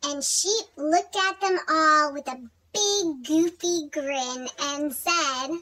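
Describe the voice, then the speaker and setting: Woman narrator for a children's read-along; very high, bright, unhurried, lively. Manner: animated, sing-song reading to children. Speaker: storybook reader.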